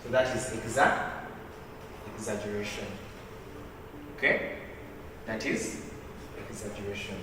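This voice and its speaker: A male teacher leading a literature lesson in a classroom, asking questions and repeating phrases as he dictates notes slowly. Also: on the low side, fairly even intonation, noisy background. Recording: echoey classroom from far off.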